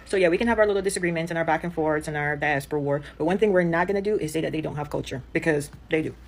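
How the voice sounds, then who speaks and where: Jamaican-born woman talking quick n casual, low voice, lots of likes. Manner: chatty, affectionate, many fillers like "like". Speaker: commentator. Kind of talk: casual opinion chat.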